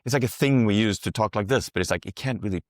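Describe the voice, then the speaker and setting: A man talks at a quick clip with a somewhat low voice, recorded close and dry. He rambles through one metaphor after another in easygoing podcast chat and swears without a second thought. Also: dry recording. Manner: swears freely. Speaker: psychedelic guide. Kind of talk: casual podcast conversation.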